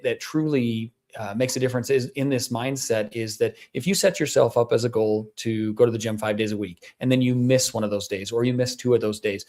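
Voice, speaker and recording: A man's voice: medium pitch, darkish tone. A male wellness podcast co-host who explains his points through patient stories in a casual, conversational way, with frequent restarts. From Southern Utah.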